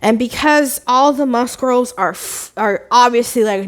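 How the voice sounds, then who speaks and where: A woman's voice: fairly high pitch, unhurried. Chatty woman rambling about a book. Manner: animated, chatty, with sarcastic asides. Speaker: book vlogger. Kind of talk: casual, rambling plot retelling.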